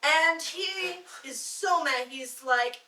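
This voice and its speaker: A woman's voice: sits high, takes it slowly, bright, forceful tone. A woman telling dad jokes to a small group, laughing at her own punchlines and rambling with fillers. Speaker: joke teller at a bardic circle. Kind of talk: casual live joke telling. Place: indoor gathering room with listeners. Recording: roomy echo, voice from a distance.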